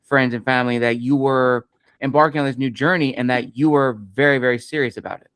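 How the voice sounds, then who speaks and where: A man's voice: medium pitch, fairly even intonation, fast, fairly bright tone, clear, resonant tone, dry recording. A man hosting an interview, asking long, friendly questions with fillers. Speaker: interview host.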